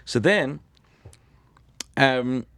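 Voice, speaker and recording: British male comedian guest, gravelly voice, dry close sound, deadpan storyteller. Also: mid-range voice, extremely slow, no echo. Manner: dry, self-deprecating storyteller. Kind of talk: casual anecdote telling.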